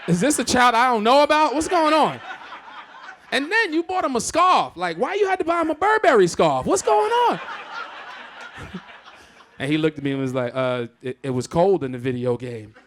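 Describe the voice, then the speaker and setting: A man doing a live stand-up comedy set on a theatre stage, telling stories in a loud, exclamatory, profane way. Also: very high-pitched, wildly swooping pitch, moderate pace, pauses often, slight background noise.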